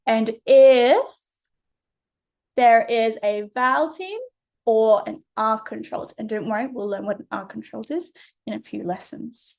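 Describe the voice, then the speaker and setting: A woman's voice: fairly high pitch, unhurried, gravelly, darkish tone. An Australian woman tutoring a child through a phonics lesson, patient and encouraging. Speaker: reading tutor.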